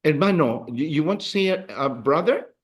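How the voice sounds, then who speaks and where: A man's voice: on the high side, animated, moderate pace. A man teaching a beginners' Spanish class in a classroom, patiently repeating words for the students to echo. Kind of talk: classroom language lesson.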